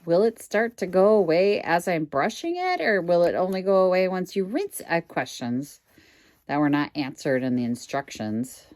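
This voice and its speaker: A woman's voice: fairly low pitch, sing-song, normal speed, darkish tone, dry recording. A woman reselling goods online, casually thinking aloud at home with wry asides to her viewers. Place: indoors at home.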